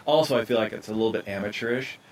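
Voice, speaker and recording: A man's voice: on the low side, rapid-fire, recorded from a distance. A man hosting a podcast outdoors at his house, rambling in a casual way with plenty of fillers. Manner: rambling, conversational, many fillers. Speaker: podcast host, photographer.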